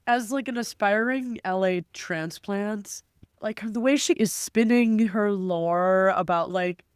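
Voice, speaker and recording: A woman chats on a podcast while still sick from a bad week, her remarks dry and sardonic. Her voice stays smooth and clear, and the recording is close and dry. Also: medium pitch, dry recording. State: sick, hoarse. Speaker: podcast guest. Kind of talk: casual chat.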